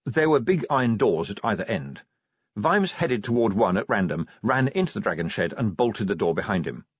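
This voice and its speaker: A man's voice: fairly low pitch, very animated, moderate pace, slightly rough, dry recording. A man narrating an audiobook in a wry, dramatic storytelling manner. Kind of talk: scripted narration. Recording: slightly dull dry studio recording.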